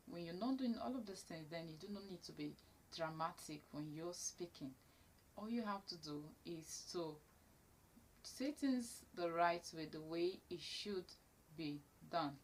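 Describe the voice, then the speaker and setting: A woman's voice: fairly low pitch, a little hiss or hum. A woman teaching elocution to camera, stressing key words and repeating her main points. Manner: emphatic, repeats key phrases. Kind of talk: instructional talk to camera.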